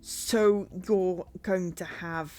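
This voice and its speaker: A woman's voice: lowish voice, fairly even intonation, extremely slow, darkish tone, faint music behind. A woman reading as Hannah, a firm young band manager. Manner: incredulous, firm.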